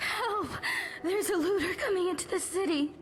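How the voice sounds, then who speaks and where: A woman's voice: sits high, unhurried. An actress voicing a flustered, self-deprecating townswoman in a video game who rambles and trips over her words. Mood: panicked. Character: anxious married townswoman, floor sweeper, bitter and self-deprecating. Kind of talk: video game character dialogue. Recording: game audio with long reverb and faint music.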